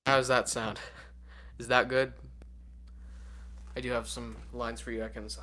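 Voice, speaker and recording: Bright-voiced young man rambling on a livestream. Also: medium pitch, level tone, measured pace. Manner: rambling, filler-heavy, self-mocking. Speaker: livestream host. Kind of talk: casual livestream chat.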